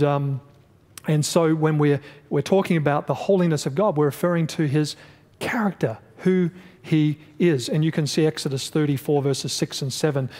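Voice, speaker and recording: A man's voice: a little high, darkish tone, in a large hall. A male pastor teaching a Bible study lesson in a church, speaking emphatically and asking his class questions.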